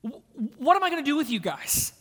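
A man voicing an exasperated teacher scolding his followers, quick and incredulous, with a long hall echo. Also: very high-pitched, very animated, sharp tone, pitched above the performer's own voice, full character voice.

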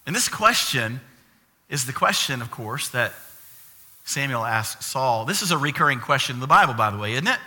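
A pastor with a grandson, preaching a lively sermon and acting out the voices of the people he quotes. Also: mid-range voice, moderate pace, pauses often. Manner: animated storytelling, acts out quoted voices.

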